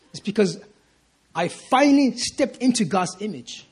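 Man, preacher, sermon, high voice, husky, emphatic, repeats himself, calls for amen. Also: darkish tone. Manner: emphatic, repeats lines and asks "Amen?" for response; stumbles and restarts phrases in bursts of feeling. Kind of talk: sermon at a prayer meeting. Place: church service.

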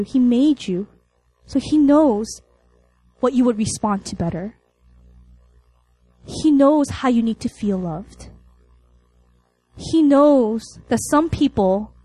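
A woman's voice: on the high side, mellow, slightly rough, poor audio. A young adult woman preaching a sermon to college students, telling a story with laughs and acted-out lines.

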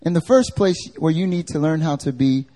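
A man preaching a live church sermon, animated and conversational, acting out everyday voices. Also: on the high side, a little fast. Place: church service.

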